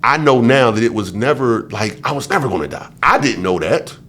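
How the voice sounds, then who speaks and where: A man's voice: mid-range voice, animated, a little fast, a bit bright. A man, a podcast guest, telling a story casually and animatedly, with slang, acting out the people he quotes.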